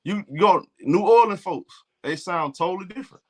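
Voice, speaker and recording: A man's voice: sits high, lively intonation, normal speed. A man from Alabama with a Southern accent, streaming casual live game talk in a blunt, profane, trash-talking way. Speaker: sports streamer.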